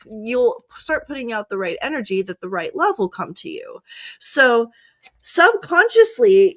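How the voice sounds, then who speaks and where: A woman's voice: on the high side, a bit bright. Giggly chatty woman reading cards. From Southern California. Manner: giggly, chatty, frequent laughter. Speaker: psychic reader. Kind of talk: casual tarot reading.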